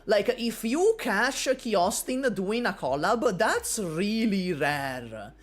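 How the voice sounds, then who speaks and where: A woman's voice: mid-range voice, takes it slowly. A woman from Italy with an Italian accent, chatting casually and jokingly with her stream viewers. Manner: animated, joking, talks straight to chat.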